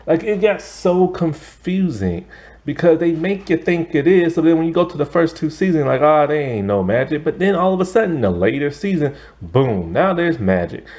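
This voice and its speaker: Animated chatty man recapping a show. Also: on the high side, normal speed. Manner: animated and chatty, many fillers, laughs often. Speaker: TV show reviewer. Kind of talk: casual TV episode recap.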